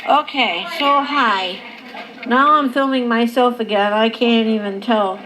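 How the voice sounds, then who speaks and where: A medicated woman in a loopy, drowsy state, filming herself casually in her living room at night. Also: on the high side. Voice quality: slow, drawn-out, slightly slurred talk. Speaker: vlogger. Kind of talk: casual home video. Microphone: handheld camera. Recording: noisy home camcorder.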